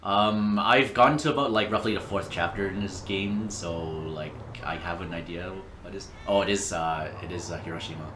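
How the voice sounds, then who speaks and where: A man's voice: deep voice, moderate pace, few pauses, slight background noise. A man casually commentating a game as he plays, loosely paraphrasing the story with lots of fillers. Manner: loose, rambling paraphrase with many fillers and mock voices. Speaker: co-host playing and translating a game. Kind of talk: casual let's-play commentary. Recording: echoey room with faint ambience.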